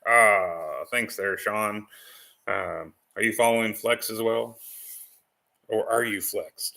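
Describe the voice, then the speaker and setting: Male channel host, low-pitched, bright tone; casual rambling live chat, lots of fillers. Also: slow pace, creaky. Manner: rambling, full of ums and restarts.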